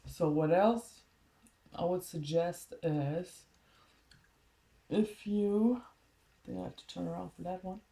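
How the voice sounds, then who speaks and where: Young woman, chewing gum, chatty and apologetic, lowish voice, camera mic at home. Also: slow pace, gravelly, long pauses, warm tone, reverberant, poor audio. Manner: chatty, apologetic, rambling with fillers. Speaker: hair tutorial vlogger. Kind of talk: casual unscripted tutorial. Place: home room in front of a mirror.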